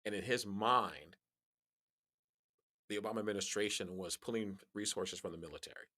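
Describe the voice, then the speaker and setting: A man guest on a podcast, telling stories in casual conversation, animated and laughing as he talks, often restarting his sentences. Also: normal speed. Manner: animated storyteller, jumps high in pitch on quoted lines; frequent restarts and laughs while talking.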